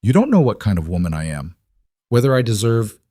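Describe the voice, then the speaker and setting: A man's voice: on the low side, sing-song, brisk, mellow, dry recording, clean studio sound. A man voicing a guarded, worn-down young woman in a bar who halts and breaks off mid-sentence.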